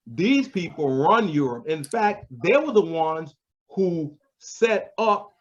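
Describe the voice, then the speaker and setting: A man's voice: on the high side, lively intonation, takes it slowly. A man in a religious panel discussion, pushing back emphatically and repeating words as he goes. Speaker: panel speaker. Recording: dull lo-fi sound.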